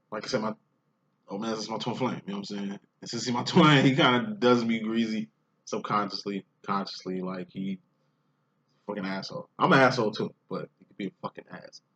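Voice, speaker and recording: A man's voice: on the low side, fairly bright tone, a little hiss or hum. A man giving a casual spiritual monologue as a twin flame reader, talking in rambling, profane street slang. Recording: dull lo-fi audio.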